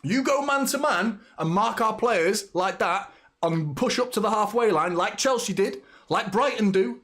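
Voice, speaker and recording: A young man excitedly chatting through a live football watchalong, reacting to the match and greeting viewers by name. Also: high-pitched.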